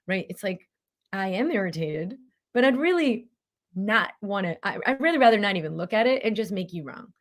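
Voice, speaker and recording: A middle-aged woman hosting a casual motivational talk as a mind-body coach, lively and acting out inner voices. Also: brisk. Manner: animated, acts out inner voices in a high pitch.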